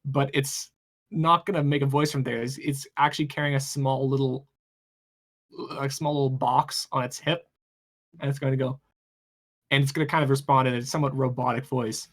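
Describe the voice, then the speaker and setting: Halting, rambling tabletop game master. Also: medium pitch, flat delivery. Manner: rambling, halting, many restarts.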